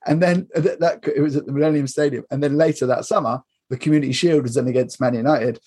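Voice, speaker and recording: A man's voice: on the high side, lively intonation, fast, few pauses, darkish tone, slightly rough. A man, chatting casually as a podcast guest, laughing often and restarting his sentences. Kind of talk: casual chat.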